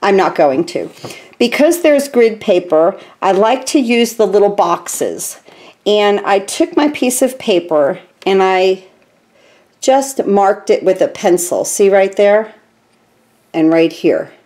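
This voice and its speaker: A woman in her fifties talks through a card-making tutorial in her home craft room. She is chatty and eager and drops plenty of ums as she goes. Her voice sits at an ordinary pitch for a woman. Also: a little mellow. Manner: chatty and enthusiastic, with frequent ums. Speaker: stamping demonstrator.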